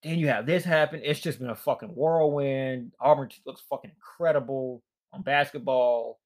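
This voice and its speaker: A man's voice: mid-range voice, moderate pace. A young man rambling in a tired, frustrated, profane rant, worn out and fatigued. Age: young adult. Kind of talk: casual rant.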